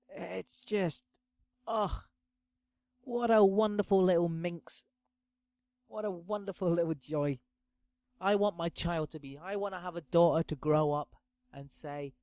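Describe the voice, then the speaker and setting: A man ranting through a sweary comedic monologue, swinging between loud outbursts and low muttering. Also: steady tone, moderate pace, dry recording. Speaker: podcast host.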